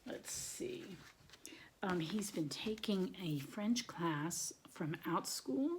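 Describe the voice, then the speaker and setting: An older woman with a fairly low voice talks in a loose, rambling way, showing papers to the camera at home. She often trails off into soft, near-whispered asides. A faint hiss sits under the recording. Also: expressive, slow pace. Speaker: homeschooling parent and channel host. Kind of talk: casual home update.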